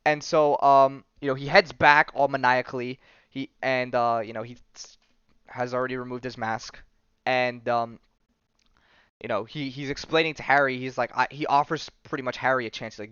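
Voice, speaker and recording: A podcast host, retelling a comic story in casual chat and acting out the characters' lines. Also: male voice, mid-range voice, fairly even intonation, normal speed, fairly bright tone, clean tone, dry recording, lo-fi sound. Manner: rambling storyteller, acts out quotes in a loose offhand way.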